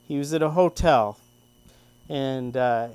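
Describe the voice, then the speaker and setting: An older man at an open mic, telling a rambling, self-deprecating personal story with halting restarts. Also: medium pitch, darkish tone, smooth, no echo. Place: comedy club stage.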